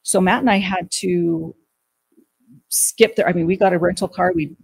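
A middle-aged woman telling an emotional personal story in an interview, halting and restarting her sentences. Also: lowish voice, fairly even intonation, gravelly, slightly rough, rough recording. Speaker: guest recounting a family death.

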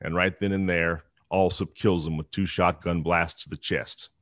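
A man with a deep, low-pitched voice tells a true-crime story in a loose, conversational way. He often restarts his sentences and slips in asides. The sound is dry and close, with little room echo. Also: steady tone, normal speed, a bit bright.

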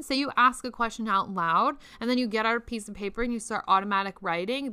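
Bright, crisp young woman podcaster. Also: fairly high pitch, no echo. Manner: chatty and profane, many "like"s, laughs often. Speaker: podcast host. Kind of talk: casual spiritual podcast talk.

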